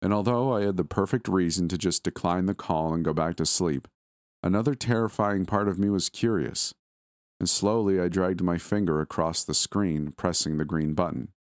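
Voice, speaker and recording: Low deep-voiced guy reading a creepy story, steady, dry close mic. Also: normal speed, dry recording. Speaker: horror story narrator. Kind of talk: scripted first-person horror narration.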